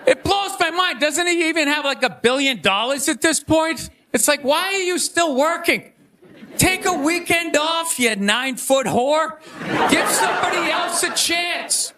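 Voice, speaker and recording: A middle-aged man with a Boston accent doing a stand-up comedy rant, animated and shouting, slipping into mocking impressions. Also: very high voice, unhurried, noisy background. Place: comedy stage before a live audience. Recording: live stage with crowd laughter.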